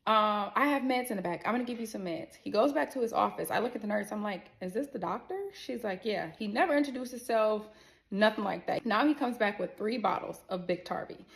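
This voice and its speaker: A young woman tells a personal story straight to her viewers in a relaxed, animated monologue. Her voice has a gravelly, fried edge and sits at an ordinary pitch. She talks bluntly and swears freely. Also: a little fast. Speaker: storyteller vlogger.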